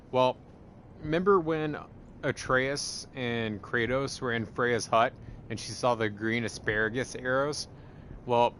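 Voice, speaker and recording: A man's voice: medium pitch, a little hiss or hum. Rambling, cursing guy in casual chat. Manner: rambling, profane and excitable, with many fillers.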